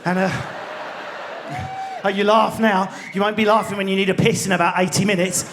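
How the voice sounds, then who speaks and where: A man's voice: high-pitched, level tone, a little fast, noisy background. A man with an Essex and London accent doing live stand-up comedy in a large theatre, brash, sweary and baiting the crowd. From Enfield, England.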